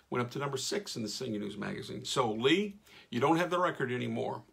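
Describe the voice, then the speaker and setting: A man's voice: mid-range voice, fast talker, creaky, a bit bright, husky. A middle-aged man, hosting a casual live stream, reading out viewers' names and chatting with folksy enthusiasm as his voice wears thin. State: losing his voice. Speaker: radio host reading live comments.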